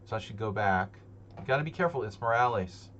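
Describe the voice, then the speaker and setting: A man's voice: lowish voice, animated, fast talker, fairly bright tone, highs cut off, slight background noise. A man streaming live online chess, thinking aloud as he plays, joking and muttering to himself. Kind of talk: live commentary while playing online chess. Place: home streaming setup.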